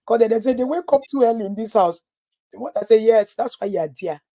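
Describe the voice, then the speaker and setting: Woman coaching parents, lively. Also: on the high side, brisk. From Nigeria. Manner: lively storytelling, acting out quoted voices. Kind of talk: live webinar talk to parents.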